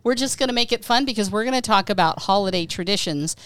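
A woman's voice: medium pitch, lively intonation, fast talker, fairly bright tone, clear, resonant tone, no room sound. A middle-aged woman co-hosting a family podcast, chatting casually and laughing often. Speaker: podcast co-host. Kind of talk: casual chat.

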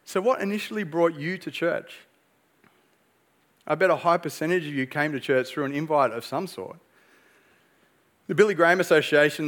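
A man's voice: fairly high pitch, a bit bright. A young man preaching a sermon as pastor, earnest and emphatic, pressing his points with rhetorical questions.

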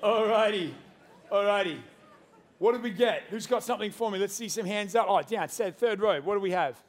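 Man pastor, high voice, animated and playful sermon to a live congregation. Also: fairly quick. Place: church hall with congregation.

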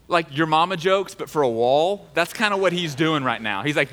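A man's voice: a little high, animated, moderate pace, a bit bright, long reverb tail. A male pastor preaching a sermon in a casual, joking way.

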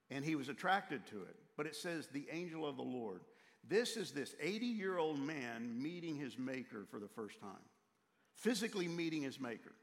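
Pastor guy preaching, chatty and emphatic, mid pitch, long echo in the room. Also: fairly bright tone. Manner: conversational, emphatic. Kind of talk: sermon.

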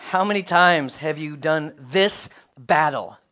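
A man preaching a sermon, animated, acting out voices as he reads a children's story to his congregation. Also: a little high, slow pace. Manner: animated, acts out story voices, swings loud to hushed. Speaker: pastor.

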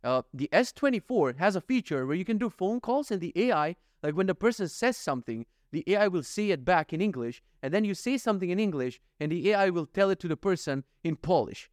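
Man, solo podcast host, slightly higher voice, jokey rambling delivery full of swearing, dry close-miked sound. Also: lively intonation, fairly quick, few pauses, no echo. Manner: rambling, jokey, swears freely, acts out little scenes. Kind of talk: casual solo podcast monologue.

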